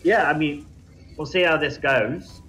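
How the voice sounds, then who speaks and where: A man from England with an English accent, calmly leading a raid in a casual gaming voice chat. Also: fairly high pitch, measured pace. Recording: noisy game voice chat.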